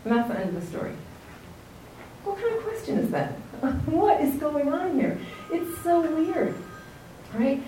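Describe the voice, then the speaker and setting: A woman's voice: high voice, very animated, a little slow, long pauses, mellow, a little hiss or hum. American woman teaching from a distance. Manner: conversational, keeps checking in with "right?". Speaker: religious teacher. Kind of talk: classroom text lesson. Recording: roomy, distant mic, faint ambience.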